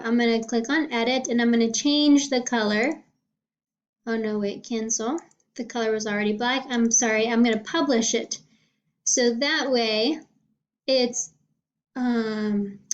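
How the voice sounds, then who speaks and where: A woman cosmetology teacher casually walking through her weekly lesson planning, often checking in with "okay?". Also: a little high. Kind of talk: casual screen walkthrough. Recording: dull lo-fi sound.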